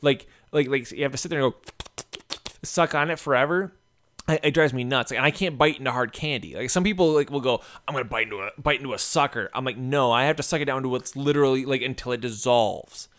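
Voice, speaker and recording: A man telling a rambling story in casual chat, full of "like" fillers and animated retellings. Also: mid-range voice, fast.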